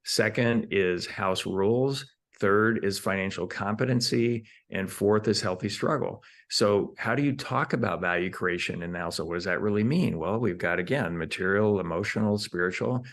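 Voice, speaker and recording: A man's voice: on the low side, moderate pace, few pauses, fairly bright tone. A man, an entrepreneur being interviewed, who explains his ideas in numbered steps and often repeats words while he thinks. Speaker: entrepreneur guest. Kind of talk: conversational interview.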